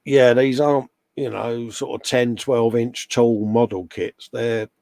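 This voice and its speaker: A middle-aged English man chatting on a live stream, all jokes and friendly slang, calling his co-host mate. The sound is close and dry, with no room at all. His pitch sits in an ordinary middle range. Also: fairly even intonation, a little slow, darkish tone, no echo. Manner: chatty and jokey, calls everyone mate. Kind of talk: casual chat on a live stream.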